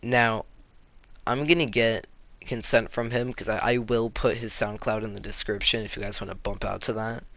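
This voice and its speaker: A man's voice: on the low side, steady tone, normal speed, vocal fry, a bit bright, no echo. A teenage boy telling a casual story-time tale to his viewers, rambling with lots of "like" fillers. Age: teens. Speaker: YouTuber.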